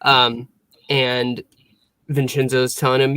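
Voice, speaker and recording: A man's voice: mid-range voice, measured pace, fairly bright tone, no echo. A man co-hosting a casual review podcast, rambling as he recaps scenes. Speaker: podcast co-host.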